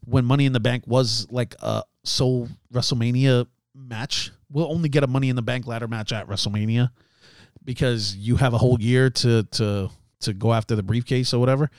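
A man's voice: mid-range voice, fairly even intonation, brisk, darkish tone. A man hosts a laid-back solo commentary in an ordinary mid-range voice. He rambles, stumbles over words and laughs at his own slips. The sound is dry and close, with no room echo. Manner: chatty, laughs at himself, many fillers and restarts. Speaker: podcast host.

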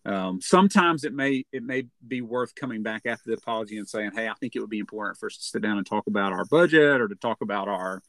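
A man's voice: on the low side, animated, fast, few pauses, a bit bright, no echo. A man co-hosting a counseling podcast, explaining in an earnest, conversational way and often repeating words as he speaks.

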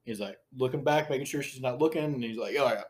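A man's voice: mid-range voice, fast, darkish tone. A male podcast host in easygoing mid-range chat, telling a story with crude language and frequent laughter. His delivery is loose and conversational. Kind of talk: casual chat, retelling a scene.

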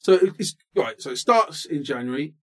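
A man in his thirties, co-hosting a comedy podcast with an animated, self-mocking ranting delivery. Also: on the high side, moderate pace. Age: 30s. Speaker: podcast co-host. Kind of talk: comic rant in casual chat.

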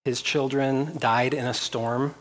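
A man's voice: mid-range voice, fairly even intonation, slow pace, a bit bright. A man preaching a sermon as pastor, reading scripture aloud with rising intensity and repeating phrases.

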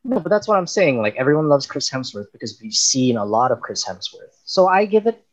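A man's voice: medium pitch, big pitch swings, fairly quick. A man in casual chat as a podcast co-host, arguing his points at length. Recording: dull lo-fi mic.

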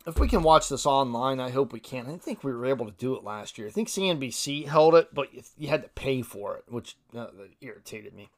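A man's voice: mid-range voice, animated, fairly quick, few pauses. A young man from Ohio hosting a podcast on his own, talking casually in a rambling, self-deprecating way and reading quotes aloud. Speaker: podcast host. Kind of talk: solo casual podcast commentary.

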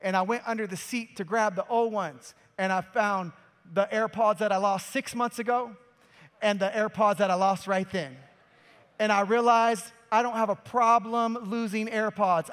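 A man with a high voice preaches a sermon, pressing his points hard and then dropping low. His voice carries a long reverb from a church hall. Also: steady tone, normal speed, clear, resonant tone. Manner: emphatic preaching, swings from loud to quiet. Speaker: pastor.

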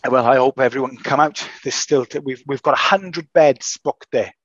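A man's voice: mid-range voice, normal speed, fairly bright tone, no echo, dull audio. A man who teaches martial arts, chatting on a podcast in an emphatic way and swearing freely. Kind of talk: casual podcast chat.

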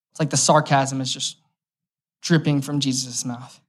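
A man's voice: medium pitch, flat delivery, moderate pace. A young man preaches in an easygoing, conversational way, as if chatting with the room. He moves between explaining a passage and telling a personal story, with light humor along the way. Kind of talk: conversational sermon.

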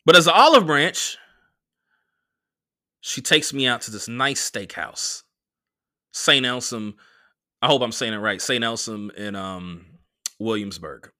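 Bright-voiced man telling a profane story. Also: mid-range voice, unhurried, pauses often, dry recording, studio quality. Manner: profane, animated, acts out quotes. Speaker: podcast host. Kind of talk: casual storytelling.

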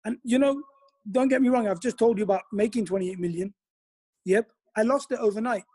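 A man's voice: high voice, a little fast, darkish tone, slightly rough, dry recording, studio quality. A man talking as a guest in a casual chat, giving emphatic advice. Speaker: guest, businessman.

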